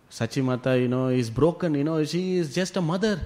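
Male scripture teacher, fairly high voice, lively storyteller with loose fillers. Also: a little fast, few pauses. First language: Tamil. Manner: animated retelling with frequent "you know" fillers. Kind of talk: devotional storytelling class.

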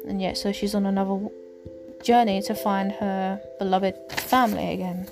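A woman speaks in a loose, rambling podcast monologue about her faith, often pausing with fillers as she gathers her thoughts. Her voice sits at an ordinary middle pitch. Music plays clearly underneath throughout. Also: fairly even intonation. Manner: rambling, hesitant with many ums. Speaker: podcast host.

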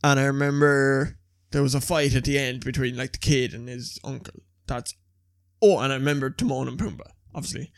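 A young man, an animated storyteller who swears freely in casual chat. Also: medium pitch, brisk, no room sound, clean studio sound. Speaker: podcast co-host.

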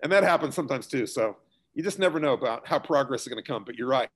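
A middle-aged man, a school theater director, explaining his work in a relaxed interview, talking conversationally with fillers and restarts. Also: mid-range voice, fast talker.

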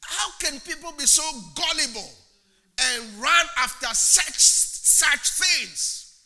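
A male pastor preaching an animated sermon in church, asking the congregation rhetorical questions and swinging from loud to hushed. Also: very high-pitched, slow, faint music behind.

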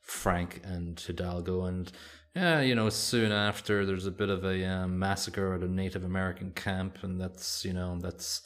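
A man's voice: low voice, steady tone, moderate pace, few pauses. A man co-hosting a podcast, chatting casually about a movie and rambling with lots of fillers and restarts. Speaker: podcast co-host. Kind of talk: casual movie review chat.

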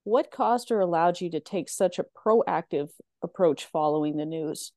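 A woman hosts an interview and asks her questions in a measured, thoughtful way. Her voice is mellow and the recording is close and dry, with no room sound. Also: fairly low pitch, dry recording. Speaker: podcast host.

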